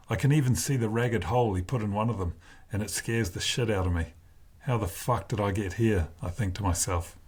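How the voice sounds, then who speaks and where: Low husky guy narrating a story, slow and deliberate. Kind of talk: first-person novel reading.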